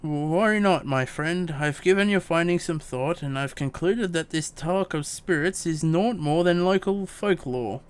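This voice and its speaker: A man's voice: fairly high pitch, unhurried, hardly any pauses, voice pushed up, natural voice. A man reading as a prim, wordy woman scholar. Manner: prim, wordy, stumbling over words. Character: fussy, long-winded young woman scholar. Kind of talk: reading game dialogue aloud.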